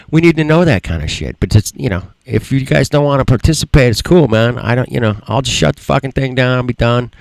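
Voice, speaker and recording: A livestream host rants bitterly about running the show by himself all year, swearing constantly in a profane, rambling frustration. His mid-range voice is animated, creaky and fairly quick, with few pauses and no room sound.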